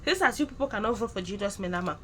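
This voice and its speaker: Woman channel host, lively high voice, teasing commentary, light background noise. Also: racing. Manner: animated, teasing, laughs at own jokes. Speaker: YouTube commentator. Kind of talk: casual commentary vlog.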